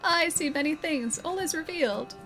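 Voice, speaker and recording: A goofy older male fortune teller who speaks in grand, mystical phrases, read aloud by an Australian woman. The voice sits a little high. Game music plays clearly behind it. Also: moderate pace.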